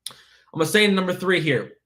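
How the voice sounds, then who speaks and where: Fast, excited motivational man coaching. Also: high-pitched. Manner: rhetorical questions, repetition. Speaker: insurance sales coach. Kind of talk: live stream Q&A coaching.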